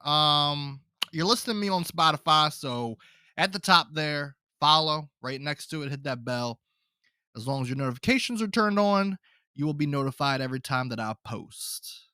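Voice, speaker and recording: A man's voice: fairly high pitch, expressive, normal speed, bright, forceful tone, no room sound, clean studio sound. A man hosting his own podcast, talking to listeners in a loose, rambling way and calling them folks. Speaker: podcast host. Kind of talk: casual solo podcast chat.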